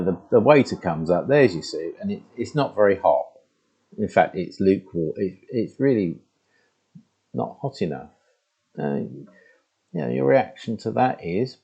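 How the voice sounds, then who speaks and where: A man talks slowly into a laptop mic in a room at home. His voice is low, dark and gravelly, with a husky edge. He speaks in a halting, conversational way, often breaking off and starting again. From England. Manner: halting and conversational, with many restarts and "you know". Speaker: spiritual teacher. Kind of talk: reflective spoken monologue to camera. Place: room at home with the door open. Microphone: laptop microphone.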